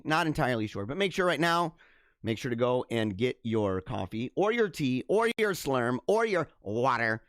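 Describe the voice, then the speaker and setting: Reading comments and doing impressions, this livestream host laughs and rambles in a relaxed way. His pitch is fairly high, captured in a dry, clean studio recording.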